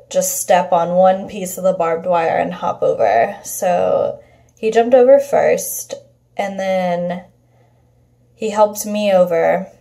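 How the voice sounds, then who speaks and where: A woman's voice: on the low side, a little mellow. A woman vlogger telling a personal story in a casual, chatty way, swearing freely and saying "like" often. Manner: chatty and profane, many filler "like"s.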